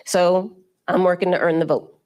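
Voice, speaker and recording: A woman politician giving measured, speech-like answers to a journalist on stage. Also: lowish voice. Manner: measured, speech-like, steady delivery. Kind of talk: formal panel interview answers.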